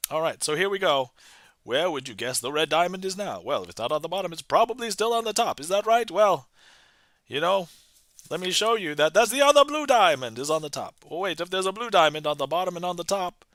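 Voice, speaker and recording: A man's voice: high voice, expressive, a little fast, fairly bright tone, no room sound, studio quality. A man putting on a 1920s huckster announcer. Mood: hustling showman. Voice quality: strained throat. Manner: old-timey radio announcer patter, teasing the mark. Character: fast-talking 1920s male card-game huckster. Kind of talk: live-streamed magic trick patter.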